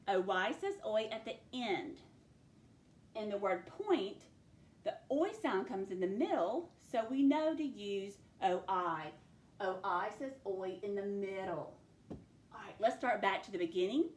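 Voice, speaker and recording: A woman's voice: mid-range voice, lively intonation. A woman teaching a phonics spelling lesson, stretching out each sound of a word as she dictates it. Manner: slow, stretched sounding-out of words. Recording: echoey room with faint ambience.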